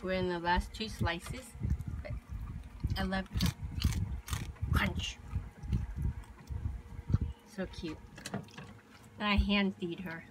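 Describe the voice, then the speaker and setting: A woman's voice: fairly low pitch, steady tone, drawn-out words, pauses often. A woman in her forties narrating a casual sailing vlog as she films on her boat with a phone. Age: 40s. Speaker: sailing vlogger. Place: on a sailboat. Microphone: phone camera. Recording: noisy outdoor boat recording.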